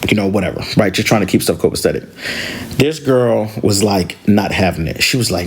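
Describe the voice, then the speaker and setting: Animated man telling a rideshare story. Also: on the low side, brisk, breathy edge. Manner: animated, slangy, conversational. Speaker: podcast host and rideshare driver. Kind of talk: casual storytelling.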